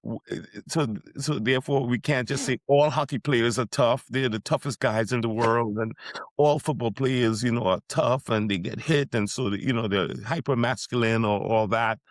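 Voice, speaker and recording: A man's voice: medium pitch, normal speed, no echo. A middle-aged man from Trinidad and Tobago, a sports psychiatrist giving a podcast interview, who speaks reflectively with frequent restarts.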